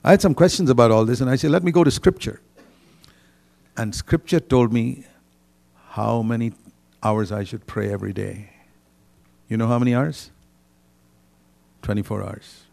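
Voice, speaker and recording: A man's voice: lowish voice, normal speed, vocal fry, long pauses, darkish tone. An older man preaching a sermon in a conversational way, with bursts of emphasis.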